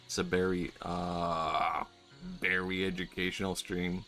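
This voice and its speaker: A man's voice: sits low, little pitch movement, unhurried, pushed and bright. A man streaming a video game, chatting casually, laughing often, rambling and swearing. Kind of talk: casual gameplay commentary. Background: game music.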